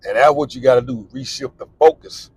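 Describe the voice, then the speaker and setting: A man's voice: mid-range voice, brisk, slightly rough, poor audio. A middle-aged man gives candid, repetitive, plain-spoken advice about living abroad while he drives. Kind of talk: casual advice monologue while driving. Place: in a car.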